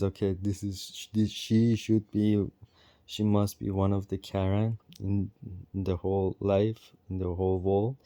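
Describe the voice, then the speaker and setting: A man recounts a run-in in an unhurried, casual way, often chuckling as he goes. His voice is low and mellow, and his English is loose, with non-native grammar. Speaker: vlogger. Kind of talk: casual storytelling.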